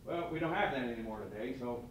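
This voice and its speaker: A man giving a quick, folksy devotional talk at a meeting. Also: mid-range voice, slight background noise. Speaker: state representative giving a devotion. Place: meeting room. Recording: echoey room from far off.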